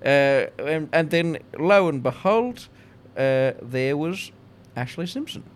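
A man co-hosting a comedy podcast, trading improvised deadpan banter with dry, mock-pompous wordplay. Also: on the high side, slow.

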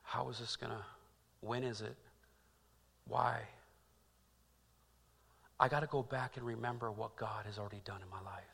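A man preaching a sermon as pastor, dropping to quiet reflection and rising to loud, repeated calls. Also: medium pitch, steady tone, moderate pace, vocal fry, pauses often, husky, in a large hall. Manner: swings from hushed to loud and emphatic; repeats phrases for emphasis.

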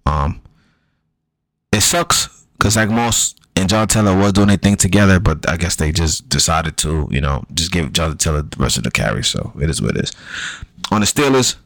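A man's voice: low voice, animated, moderate pace, fairly bright tone, no room sound, low-quality recording. A man talking loosely and casually through fantasy football advice, slangy and repetitive, with frequent ums and the odd curse.

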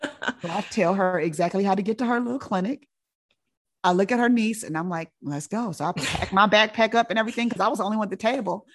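A woman telling a personal story in a casual, animated way, often laughing. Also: mid-range voice, fast. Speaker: guest storyteller.

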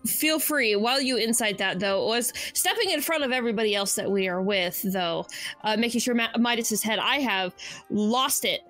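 A woman's voice: on the high side, expressive, normal speed, a bit bright, faint music behind. Blunt, swearing woman player. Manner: blunt, exasperated, swears freely. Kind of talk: casual tabletop play.

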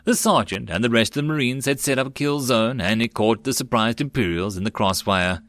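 A man narrating a web novel audiobook in a steady storytelling manner. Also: medium pitch, fairly quick.

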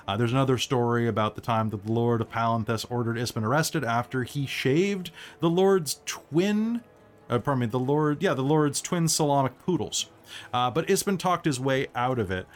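A man's voice: medium pitch, normal speed. A man narrating a tabletop game as game master, rambling with fillers and self-corrections.

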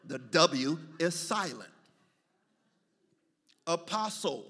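A male preacher with a high-set voice and a gravelly, fry-edged texture. He preaches in rhythmic waves and rises into chanted, near-shouted calls to the congregation. Between the calls he drops into loose, joking asides. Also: lively intonation, slow, long pauses. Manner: building to shouted, chanted call-and-response preaching. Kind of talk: sermon.

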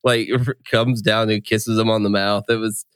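A man's voice: lowish voice, level tone, moderate pace, clear, resonant tone, no echo. A man hosting a casual podcast chat, reading listener questions and laughing often. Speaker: podcast host and game master.

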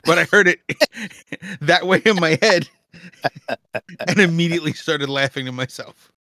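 Podcast co-host: bright, slightly high-voiced man, blunt and crude, dry close mic. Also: a little slow, dry recording. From Brooklyn. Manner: blunt, profane, laughs at his own jokes. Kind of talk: casual chat.

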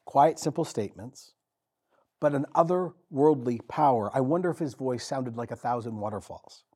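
A man preaching a sermon as pastor, telling the story vividly with dramatic pauses and repetition. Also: medium pitch, a little mellow, husky.

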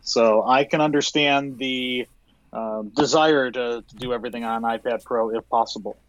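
A man co-hosting a casual tech podcast, speaking in a thoughtful, measured way with frequent fillers. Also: medium pitch, fairly even intonation, a bit bright, rough recording. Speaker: podcast co-host.

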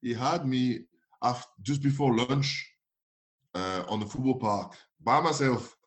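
A man from France with a French accent, a guest telling animated anecdotes in a casual interview, acting out quotes and laughing often. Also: mid-range voice, a little slow. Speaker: guest, former footballer.

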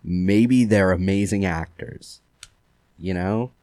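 On his casual true-crime podcast, the host talks slowly in a voice that sits low. He's a relaxed storyteller, going over the case loosely with many "like" fillers.

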